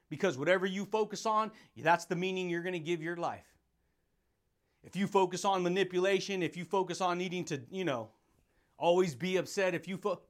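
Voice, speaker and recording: A man hosting a motivational podcast, talking in a hyped-up, laughing monologue and calling listeners buddy, dude and baby. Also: high-pitched.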